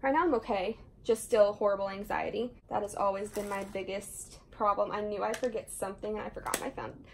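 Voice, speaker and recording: A woman's voice: medium pitch, steady tone, a little fast, noisy background. Chatty Southern-accented young woman. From Southern Indiana, USA. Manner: chatty, rambling, frequent laughs and asides. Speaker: beauty vlogger. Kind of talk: casual chat while doing makeup. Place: indoors at home, doing makeup.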